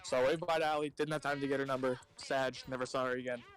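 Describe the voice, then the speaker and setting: A man's voice: mid-range voice, fairly even intonation, quick pace, fairly bright tone, soft background music, poor audio. A man streaming a game, telling a rambling story to friends in casual, profane speech full of fillers. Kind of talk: casual storytelling while gaming.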